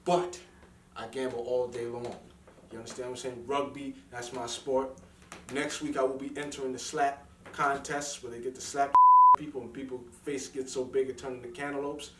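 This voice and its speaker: A man's voice: mid-range voice, level tone, normal speed. A man doing a comic sports report, boastful and rambling, with frequent asides. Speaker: sports segment presenter. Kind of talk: comic news sketch. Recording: roomy, distant mic, faint noise.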